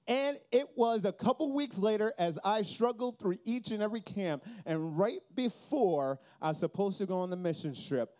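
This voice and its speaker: A high-voiced young man preaches from a stage to a live crowd. He tells his story with animation, acting out each person in it and swinging between loud outbursts and hushed lines. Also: expressive, normal speed, few pauses. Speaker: youth camp speaker. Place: stage before a live audience.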